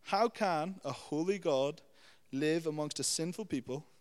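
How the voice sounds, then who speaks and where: A young adult man preaching a sermon, teaching with lively storytelling and checking in with "okay?" and "you know". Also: a little high, unhurried. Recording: long hall reverb.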